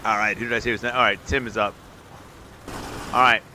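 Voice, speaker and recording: A man streaming and giving quick, upbeat live commentary on viewer runs in a game, calling scores and turn order. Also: on the low side, steady tone, pushed and bright, slight background noise. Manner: upbeat, quick hype calls with laughs.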